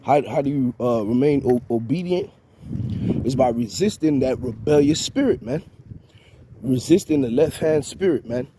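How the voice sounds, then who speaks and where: A man delivering an informal spiritual rant, halting and repeating words, tagging his lines with "man". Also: medium pitch, animated, background noise. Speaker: preacher.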